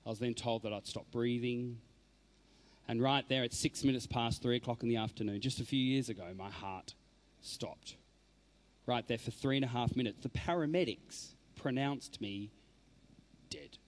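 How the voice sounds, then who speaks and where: A man as a motivational speaker giving an inspirational faith talk, telling his story dramatically and swinging from hushed lines to loud ones. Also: mid-range voice, fairly even intonation, normal speed.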